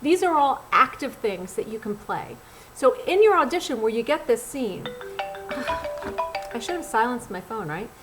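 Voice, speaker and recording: A middle-aged woman, a casting director and acting coach, giving acting tips straight to camera in a blunt, animated, conversational way. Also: fairly high pitch, normal speed, over music, rough recording. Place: Los Angeles.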